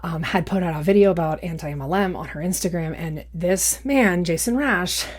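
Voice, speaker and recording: A woman's voice: fairly low pitch, moderate pace. A young woman doing casual reaction commentary in a sarcastic, mocking way. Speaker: YouTube commentator.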